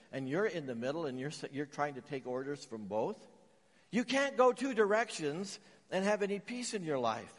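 A man's voice: a little high, long reverb tail. A man from Canada preaching a sermon, telling stories and raising emphatic questions as he teaches. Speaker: pastor.

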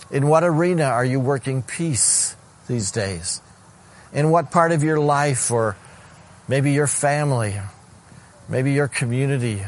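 A male pastor delivering a sermon in an earnest, measured way, often pausing on fillers and repeating words. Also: mid-range voice.

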